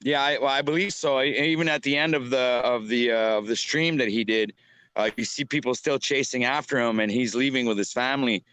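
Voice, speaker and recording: A man's voice: medium pitch, steady tone, a little fast, fairly bright tone, clean tone, no room sound. A man talking as a guest on a live stream, hesitant and heavy with fillers. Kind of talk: casual chat on a call.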